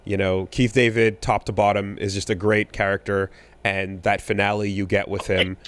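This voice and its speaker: A man co-hosting a podcast in casual chat, talking in a rambling, animated way with many fillers and restarts. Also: fairly low pitch, moderate pace. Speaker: podcast co-host.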